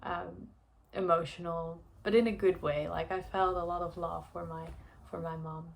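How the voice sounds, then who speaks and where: A woman's voice: fairly low pitch, fairly even intonation, moderate pace, vocal fry. A young woman telling a personal story in a chatty vlog, with lots of fillers and frequent laughs. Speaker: vlogger.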